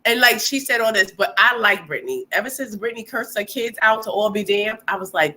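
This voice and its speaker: A woman co-hosting a casual gossip chat, blunt and animated, often acting out quotes. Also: brisk. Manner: animated, blunt, acts out quotes in high voices. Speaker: co-host.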